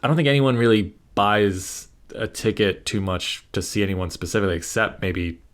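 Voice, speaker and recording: A man's voice: lowish voice, normal speed. A man co-hosting a podcast, talking in an opinionated, rambling casual chat. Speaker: podcast co-host.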